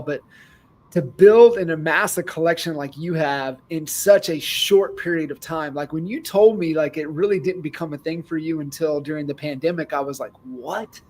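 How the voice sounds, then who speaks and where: A man's voice: fairly high pitch, rough recording. A man hosting a business podcast who asks long, enthusiastic, rambling questions. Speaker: podcast host. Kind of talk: conversational interview.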